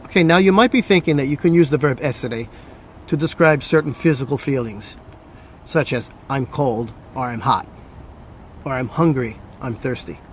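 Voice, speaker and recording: His mid-range voice moves at a moderate pace, with a faint hiss or hum in the audio. The American-accented teacher from New Jersey, USA, runs an Italian language lesson, calmly repeating examples while alternating English and Italian.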